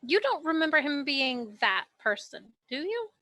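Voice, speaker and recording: A woman's voice: sits high, big pitch swings, moderate pace, bright, forceful tone, dry recording. A woman playing a tabletop role-playing game, asking questions in character with hesitant ums. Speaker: player.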